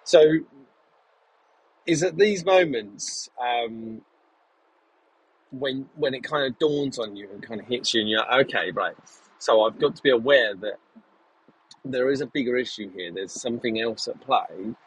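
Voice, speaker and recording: A man's voice: medium pitch, unhurried, long pauses, husky, low-quality recording. A man vlogging in a casual, reflective way, with frequent ums and restarts as he thinks aloud. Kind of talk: casual talking-to-camera vlog.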